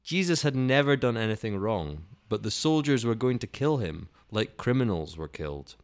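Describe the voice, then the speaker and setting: A man's voice: fairly low pitch, sing-song, normal speed. A man reading a Bible story for children in a solemn, dramatic way.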